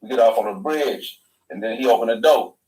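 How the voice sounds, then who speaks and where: A man's voice: medium pitch, fairly quick, a little mellow, rough recording. A man, a talk show guest telling a long story in loose, slangy, profane talk. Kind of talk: rambling storytelling.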